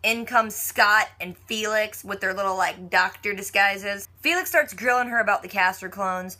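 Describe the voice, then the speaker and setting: Bright-voiced woman recapping a TV episode. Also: mid-range voice, moderate pace, hardly any pauses. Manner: chatty, heavy use of "like"; playful, mock-quotes characters.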